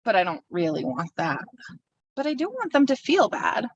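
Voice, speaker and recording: A woman's voice: medium pitch, wildly swooping pitch, moderate pace, vocal fry, slightly rough, dry recording, recorded from a distance, highs cut off. A woman delivering a sermon from a pulpit, reflective and personal, speaking her feelings aloud as she works through them. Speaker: minister.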